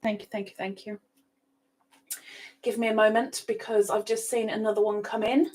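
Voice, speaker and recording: A woman's voice: mid-range voice, flat delivery, moderate pace, darkish tone, poor audio. A woman hosting a live stream from her home computer setup, chatting casually, often repeating herself and laughing. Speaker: livestream host.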